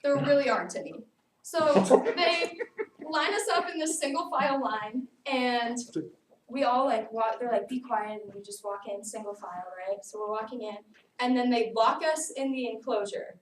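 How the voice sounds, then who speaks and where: High-voiced young woman telling a story. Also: normal speed. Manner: lively storytelling, often saying "like". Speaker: student speaker. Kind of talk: personal narrative speech. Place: classroom. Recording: echoey room, far mic, faint noise.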